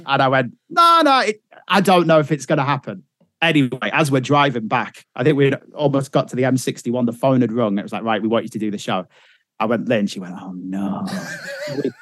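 A man's voice: mid-range voice, fairly bright tone, dry recording. A middle-aged man tells radio anecdotes in easy conversation. He slips into other people's voices when he quotes them. The recording is dry and close, with no room around it. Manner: chatty storyteller, acts out quotes. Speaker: radio presenter guest. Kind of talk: casual interview chat.

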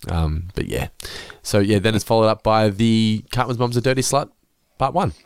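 A man's voice: on the low side, moderate pace, clean tone, no echo, clean studio sound. A man in his thirties, a podcast host casually recapping scenes and mimicking quotes. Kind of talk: casual episode recap chat.

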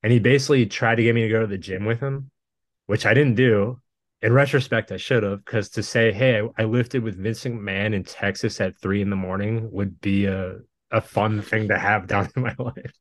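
Guy with a lowish voice, dry close sound, rambly casual stories. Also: steady tone, normal speed, no room sound. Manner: rambling, laughs things off, jumps around. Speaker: podcast guest. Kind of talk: casual storytelling chat.

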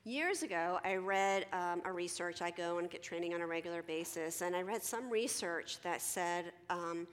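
A middle-aged woman gives a conference talk as a counselor, chatty and animated, slipping into quoted voices of teenagers. Her voice sits fairly low, and a long reverb trails her words around a large hall. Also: moderate pace, hardly any pauses, clean tone. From Philadelphia. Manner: animated, conversational, acts out teens and herself in quoted dialogue.

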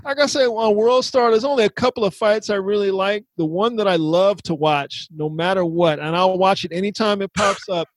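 A man in casual podcast chat, telling stories in an animated way, acting out quotes and laughing often. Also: high-pitched, a little fast, hardly any pauses, dry recording. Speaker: co-host.

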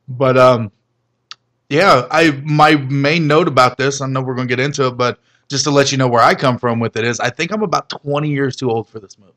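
Man, middle pitch, chatty, joking, casual podcast talk. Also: steady tone, brisk, fairly bright tone. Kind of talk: casual chat.

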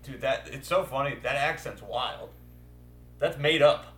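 A man co-hosting a casual sports podcast, telling stories and laughing easily. His voice is mid-pitched and sounds roomy, with a noticeable echo. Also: a little slow, a bit bright, slight background noise. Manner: laughs often, tells anecdotes. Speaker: podcast co-host. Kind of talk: casual chat.

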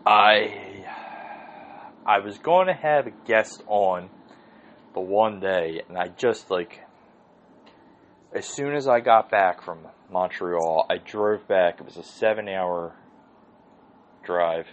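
A man's voice: lowish voice, slow, long pauses, highs cut off, a little hiss or hum. A man hosting his own podcast, telling a rambling, profane story in a casual solo monologue. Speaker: podcast host.

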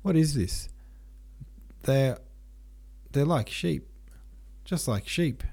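A man playing a hot-headed young cavalry officer who shouts and swears and turns his r sounds into w. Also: medium pitch, lively intonation, very slow, gravelly, breathy edge, pitched above the performer's own voice, exaggerated voice. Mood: shouting. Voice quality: cannot say r, turns it to w.

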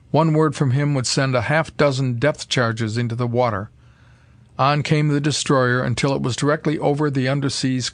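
A man narrating an old adventure story in a steady, measured reading voice. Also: mid-range voice, no echo. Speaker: audiobook narrator. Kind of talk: scripted narration.

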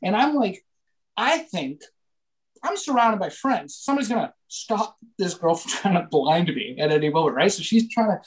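A young man, a comedian from Canada, telling a story in casual podcast chat, animated and full of swearing and fillers. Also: sits high, moderate pace, low-quality recording.

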